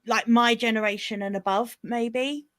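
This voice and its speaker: A middle-aged woman with a British accent talks in a relaxed, chatty way. Her voice is bright and forceful and sits a little high. She keeps acting out everyday phrases as she explains them. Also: normal speed. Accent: British English. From England. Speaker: guest. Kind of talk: casual chat.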